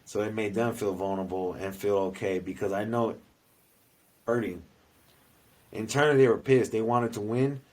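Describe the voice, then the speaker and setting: A man's voice: lowish voice, normal speed, pauses often, low-quality recording. A man co-hosting a podcast, telling stories casually and animatedly, swearing and acting out what people said. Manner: animated storyteller, profane, acts out quotes. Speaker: podcast co-host. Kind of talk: casual chat.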